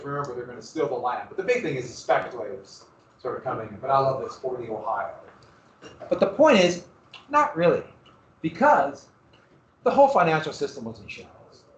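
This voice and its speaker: A man teaching history to a class, his voice raised a little higher than most men's. He keeps quizzing the students and then supplies the answers himself. The recording catches him from across an echoey classroom. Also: very animated, normal speed, fairly bright tone, muffled recording. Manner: asks the class questions and answers them himself. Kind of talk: classroom lecture. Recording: roomy classroom recording from far off.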